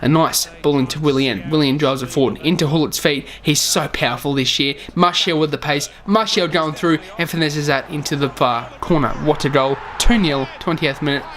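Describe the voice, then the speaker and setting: A man's voice: a little high, moderate pace, few pauses, a bit bright. A tired young man, talking over his own game footage and calling every play to his "lads". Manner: calls each play, says "lads" often. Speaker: gaming YouTuber.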